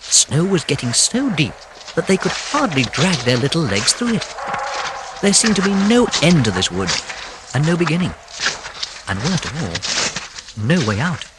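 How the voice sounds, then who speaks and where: An audiobook narrator reading a classic storybook, expressive, with whispered moments of suspense. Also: medium pitch, normal speed, long pauses, heavy background noise.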